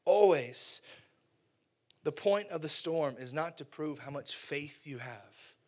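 A man preaches a sermon in a relaxed, conversational way. He jokes with his listeners and fills his talk with "like". His voice sits fairly high for a man. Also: slow pace. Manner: conversational, joking, says "like" often. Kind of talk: casual, humorous sermon.

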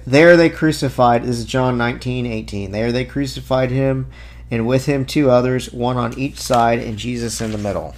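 A man's voice: medium pitch, slight background noise. A man giving an informal apologetics talk. He reads scripture passages aloud and breaks off with casual asides and fillers. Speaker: Christian apologist.

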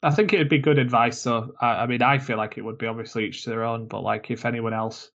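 A man's voice: mid-range voice, steady tone, quick pace, fairly bright tone, lo-fi sound. A man co-hosting a podcast, chatting casually and joking, with lots of fillers. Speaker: podcast co-host. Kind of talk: casual chat.

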